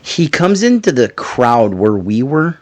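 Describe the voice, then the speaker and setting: Male podcast host, mid pitch, animated storyteller, casual and a bit crude. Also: a little slow. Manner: animated storytelling, swears freely. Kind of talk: casual chat.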